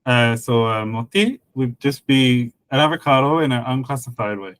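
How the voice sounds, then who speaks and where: A man chatting casually on a podcast, explaining a constructed language, with many fillers and a patient, halting delivery. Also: mid-range voice, lively intonation, fairly bright tone, clean tone, no echo, rough recording. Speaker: conlang creator guest and co-host. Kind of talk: casual podcast chat about linguistics.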